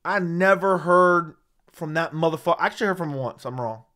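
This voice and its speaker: A man's voice: fairly high pitch, fairly quick, sharp tone. A man hosting an MMA livestream, ranting in a heated, profane, emphatic way into a studio mic. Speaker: MMA commentary host. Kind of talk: livestream rant. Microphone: studio dynamic mic.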